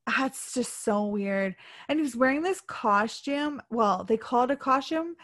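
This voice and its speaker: A woman's voice: on the high side, animated, a little slow, fairly bright tone. A woman co-hosting a podcast, chatting casually and frankly about a movie that frustrated her. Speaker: podcast co-host. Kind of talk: casual movie review chat.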